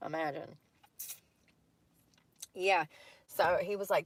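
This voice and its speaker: A woman's voice: on the low side, steady tone, slow, long pauses, husky, dry recording. A woman talking in casual chat from a parked car at night, rambling, laughing often and swearing freely. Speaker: vlogger.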